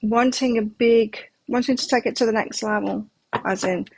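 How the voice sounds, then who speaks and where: A woman's voice: fairly high pitch, steady tone, moderate pace, a little mellow, a little hiss or hum. A middle-aged woman giving a live tarot reading, talking candidly and reflectively and sharing personal stories. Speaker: tarot reader.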